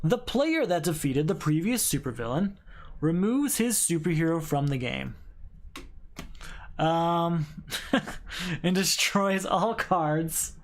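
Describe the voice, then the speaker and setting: A man playing a solo card game, thinking aloud as he reads card text and counts points in a casual play-through. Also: fairly high pitch.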